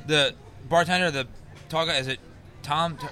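A man in a casual chat who talks fast and excitably, swearing freely as he tells stories outdoors. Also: on the high side, faint music behind.

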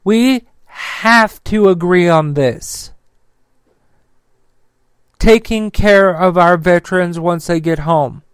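A male political commentator unloads a furious, swear-laden rant, stumbling over fillers. His voice sits high and clear, and he speaks slowly and with weight. The sound is close and dry, with no room around it. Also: no room sound. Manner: angry, profane, loud; filler-heavy.

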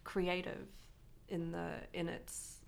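A woman appearing as a podcast guest, talking in a thoughtful, measured way in casual chat. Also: lowish voice, completely flat delivery, gravelly, slight background noise.

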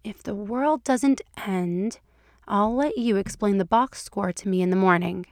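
Narrator doing a patient, teasing female agent, mid pitch, dry close mic. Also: unhurried, no room sound, natural voice. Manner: calm, gently teasing.

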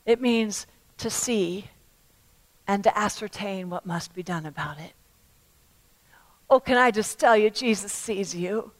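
A woman preacher delivering a sermon to a congregation, emphatic and repetitive, swinging from loud appeals to hushed words. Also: medium pitch, a little slow, pauses often, rough recording. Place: church service.

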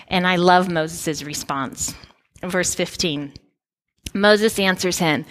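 A woman's voice: lowish voice, slow, fairly bright tone. A woman in her thirties gives a sermon, telling personal stories in a conversational way with playful asides. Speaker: preacher.

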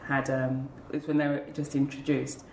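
A woman telling her own story candidly in a heartfelt, animated way, as a guest recounting her teaching career. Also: rumbling low, moderate pace, reverberant, a little hiss or hum, poor audio. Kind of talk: personal storytelling.

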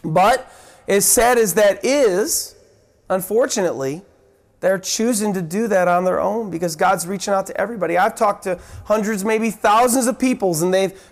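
Preaching earnestly from the Bible, a man with a creaky voice speaks at normal speed. He stumbles, repeats words and restarts phrases, and voices the story's characters with sharp drops and rises in pitch.

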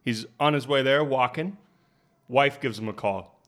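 A man with a mid-pitched voice joking on a casual podcast. He spins deadpan tall tales, keeping a dry, playful edge throughout. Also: measured pace. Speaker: podcast co-host. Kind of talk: casual comedic podcast chat.

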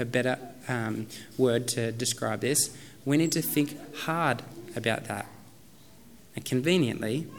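A man's voice: medium pitch, a bit bright. A man in his thirties preaching a sermon as a pastor, in a casual, conversational way with many fillers.

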